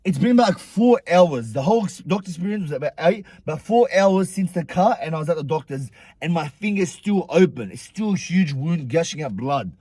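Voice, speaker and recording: A young man vlogger telling a story in an animated, profane, slangy way. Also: fairly high pitch, brisk, slightly rough, no echo. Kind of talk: storytime vlog.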